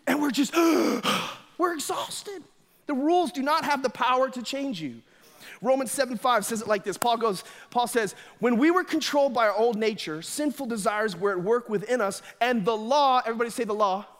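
Energetic male preacher with a high voice, playful storyteller, church hall reverb. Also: moderate pace. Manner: energetic, animated storytelling with acted quotes. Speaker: pastor. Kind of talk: sermon. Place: church sanctuary.

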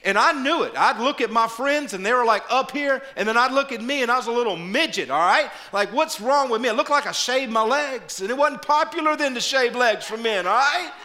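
Middle-aged male pastor, high bright voice, animated sermon delivery that drops into hushed prayer, frequent stumbles and repeats. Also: a little fast, few pauses. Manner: animated storytelling, repeats words, shifts to quiet prayerful tone.

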